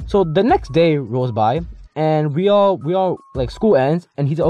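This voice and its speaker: A teenage boy telling a casual storytime, rambling and slangy, with lots of restarts and animated asides. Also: on the high side, measured pace. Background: faint background music.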